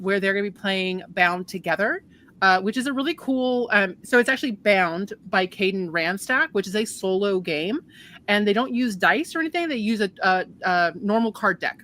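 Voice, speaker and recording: A woman's voice: mid-range voice, pushed and bright. A woman hosting as game master, chatting casually with restarts and swearing. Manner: laid-back, swears casually, rambling with restarts. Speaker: game master and show host. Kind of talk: casual chat.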